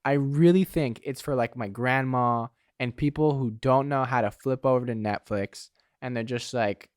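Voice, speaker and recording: A man's voice: mid-range voice, normal speed, clean tone, no room sound. Young male podcast co-host, easygoing filler-heavy chat, dry mic. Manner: laid-back, says "dude" and "like" a lot. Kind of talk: casual chat.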